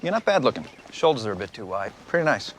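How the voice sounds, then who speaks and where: A man's voice: mid-range voice, very animated, fast talker, background noise, natural voice. An actor playing a smug, sleazy male womanizer. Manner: oily, self-satisfied.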